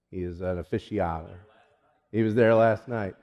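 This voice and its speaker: A man's voice: mid-range voice, fairly quick. A middle-aged man preaching a sermon, a folksy storyteller who voices the people in his anecdotes and asks the audience questions. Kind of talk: sermon illustration with audience interaction. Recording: long hall reverb.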